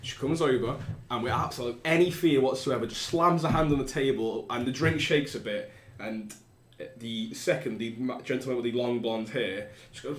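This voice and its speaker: A man's voice: medium pitch, moderate pace, a little hiss or hum. Rambling man running a tabletop game. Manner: conversational, rambling with restarts. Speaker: game master. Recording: roomy echo.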